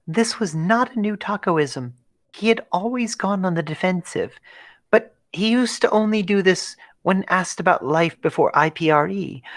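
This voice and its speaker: Low-voiced woman reading a story aloud. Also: no room sound, clean studio sound. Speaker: narrator, reader of fan fiction. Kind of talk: live stream story reading.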